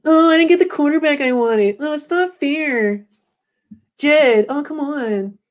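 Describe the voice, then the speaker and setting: A man putting on the voice of a childish grown man whining that things aren't fair, in a high, drawn-out, whiny voice.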